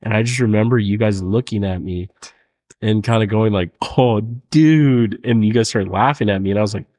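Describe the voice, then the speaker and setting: A young man, a podcast guest, telling a childhood story in lively casual talk and laughing often. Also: fairly low pitch, fast. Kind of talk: casual chat.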